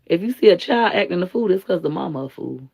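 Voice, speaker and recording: A woman hosting a live stream, giving blunt, slangy commentary and telling stories in an animated way. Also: fairly low pitch, quick pace, creaky, husky. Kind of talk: casual commentary and storytelling.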